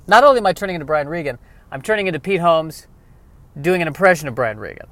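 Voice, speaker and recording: A man riffing through a rambling comedic monologue, self-mocking, dropping quiet and then bursting louder. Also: on the high side, big pitch swings, fast talker.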